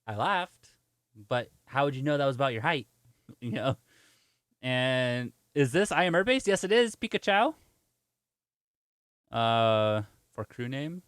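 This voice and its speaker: A man's voice: medium pitch, lively intonation, a little slow, long pauses, a bit bright, clear, resonant tone, no room sound, clean studio sound. A man streaming games, chatting casually and telling a story with lots of laughter while answering viewer chat. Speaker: gaming streamer.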